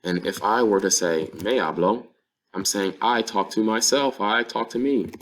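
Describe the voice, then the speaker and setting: Very deep-voiced man teaching. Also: normal speed. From North Carolina, USA. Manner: patient, step-by-step explaining with example phrases. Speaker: Spanish teacher. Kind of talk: explanatory language lesson.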